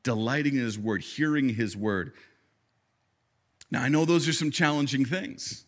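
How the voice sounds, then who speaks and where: A man in his thirties, a pastor preaching a sermon in a conversational way, with halting restarts and acted-out quotes. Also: mid-range voice.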